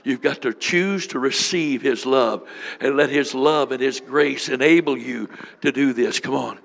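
A man's voice: mid-range voice, unhurried, gravelly, a bit bright. A man preaching as a bishop, leading a fervent prayer with repeated lines and speaking in tongues. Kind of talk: sermon with prayer ministry.

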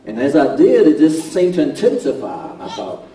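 A male pastor delivers a sermon in a reverberant church sanctuary. His voice is mellow and relaxed, heard from a distance with a faint room hum behind it. He swings between loud exclamations and quiet storytelling. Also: on the high side, normal speed. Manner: animated, rising to shouts then dropping to hushed storytelling. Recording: roomy church sound from a distance.

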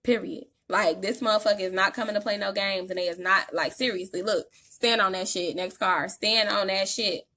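A woman's voice: mid-range voice, fairly even intonation, moderate pace, hardly any pauses, bright, forceful tone. A woman giving a casual tarot reading, talking in an emphatic, slangy, profane way. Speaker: tarot reader.

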